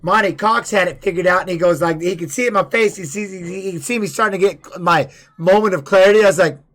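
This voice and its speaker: A middle-aged former fighter with a high-sitting voice talks fast on his live stream. He rambles through an animated story, swearing freely as he retells it.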